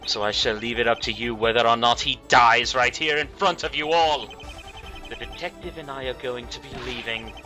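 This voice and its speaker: A man reading a cold, smug male mob boss with a put-on British accent, making unhurried, polite threats. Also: medium pitch, sharp tone, soft background music, close to an everyday voice. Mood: cold menace.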